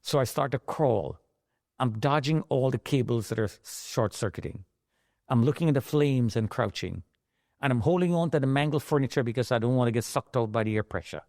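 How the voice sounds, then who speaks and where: A man's voice: medium pitch, a little fast, a little mellow, no room sound, clean studio sound. A middle-aged man telling his own survival story in an emotional, dramatic way, rising into pleading outbursts. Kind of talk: personal testimony.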